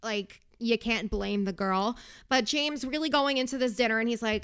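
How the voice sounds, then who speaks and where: Bright, chatty young woman recapping TV. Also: a little high, normal speed, clean tone. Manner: chatty, sarcastic, tangent-prone. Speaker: podcast host. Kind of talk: casual reality TV recap.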